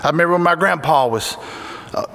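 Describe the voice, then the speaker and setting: High-voiced fervent Tennessee preacher. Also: male voice, a little fast, vocal fry, pushed and bright. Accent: Southern US, Tennessee. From Tennessee, USA. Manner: fervent and folksy, with bursts of exclamation. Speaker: guest preacher. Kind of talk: sermon. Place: church sanctuary. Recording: echoey church hall reverb.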